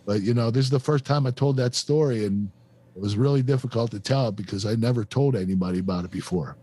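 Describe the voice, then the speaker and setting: A man in his fifties, a guest on a podcast, telling a painful personal story in a halting, emotional way with many fillers and restarts. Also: mid-range voice, dark tone, breathy edge, no echo. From United States. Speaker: guest, former pro wrestler.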